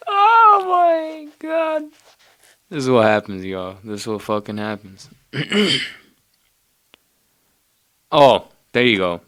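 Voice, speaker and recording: Low-voiced male podcast host with a smooth tone, dry close sound, and casual profane rambling. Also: a bit bright, no echo. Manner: loose, profane, loses his train of thought.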